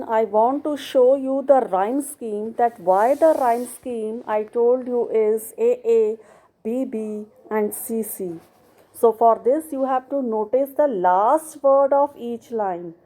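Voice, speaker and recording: A woman's voice: a little high, warm tone. A woman with an Indian English accent, explaining a poem step by step as an English tutor. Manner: slow, patient, step-by-step explaining.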